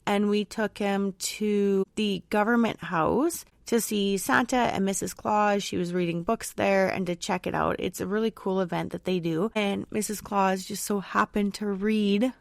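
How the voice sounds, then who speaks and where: A woman's voice: medium pitch, steady tone, unhurried, gravelly, hardly any pauses, no room sound. A woman podcast host and mother chatting casually through a personal story, rambling with lots of fillers. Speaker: mother of a young child.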